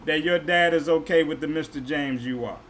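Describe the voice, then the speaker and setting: A man's voice: a little high, fairly quick, fairly bright tone, a little hiss or hum. A man hosting a casual podcast chat in a friendly, conversational way, opening up topics and putting questions to his guests. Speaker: podcast host.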